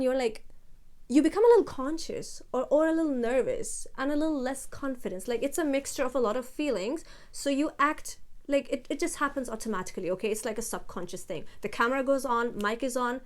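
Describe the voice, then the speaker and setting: Chatty young woman vlogging, slightly high. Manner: slow, steady, deliberate talk with a heavier low voice; chatty, with many fillers like "like" and "you know". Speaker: YouTuber. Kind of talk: casual vlog monologue. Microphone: phone camera.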